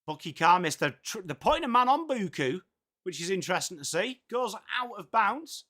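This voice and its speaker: A man's voice: sits high, big pitch swings, moderate pace, pushed and bright. A man with an English accent hosting a live football watchalong, calling the play casually and chatting with viewers. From England. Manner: chatty, reads viewer comments aloud, swears casually. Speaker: live stream host commentating football.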